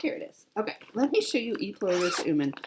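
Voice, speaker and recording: A woman's voice: medium pitch, big pitch swings, quick pace, background noise. A woman in her forties chatting casually to viewers as a cross-stitch vlogger, rambling along with fillers and self-corrections. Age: 40s.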